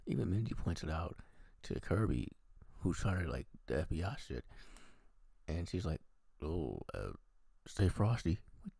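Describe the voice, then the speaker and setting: A man's voice: low-pitched, expressive, normal speed, vocal fry, pauses often, warm tone, slightly rough, no echo. A man giving a casual, profane movie review, animatedly acting out the characters' lines.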